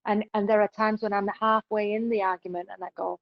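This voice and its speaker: A woman talks through relationship advice as a podcast guest, driving her points home and tagging many of them with "right?". Her voice sits at an everyday middle pitch. The sound is muffled and lo-fi, with no room echo at all. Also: flat delivery, brisk, creaky. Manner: emphatic, keeps adding "right?".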